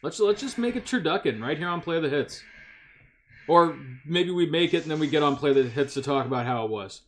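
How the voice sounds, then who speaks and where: A man's voice: a little high, animated, a little fast. A man hosting a casual video game playthrough, swearing and laughing easily as he plays. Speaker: let's play host. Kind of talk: casual gaming commentary.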